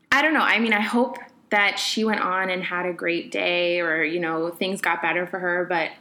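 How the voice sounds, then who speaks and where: A woman's voice: lowish voice, a bit bright. A young adult woman hosting a podcast, telling a personal story in a candid, conversational way with many fillers. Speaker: podcast host.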